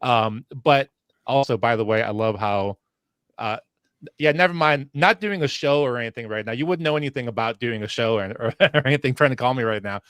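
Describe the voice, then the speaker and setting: A man's voice: medium pitch, brisk, a bit bright, clean tone, no echo. A man hosts a casual livestream, rambling and restarting his sentences with plenty of fillers. His mid-range voice is close and dry on a headset mic. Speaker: fill-in host.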